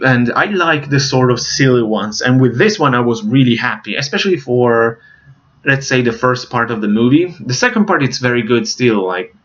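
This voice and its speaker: A man's voice: medium pitch, a bit bright. Rambling man reviewing films, lo-fi. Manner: rambling, searches for names, many fillers. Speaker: movie reviewer. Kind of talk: casual movie review.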